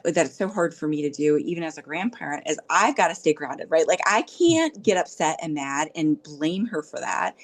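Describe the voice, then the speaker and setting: Middle-aged woman, podcast guest, somewhat low voice, animated storytelling. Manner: animated storytelling, checks in with "right?". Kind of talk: casual podcast chat.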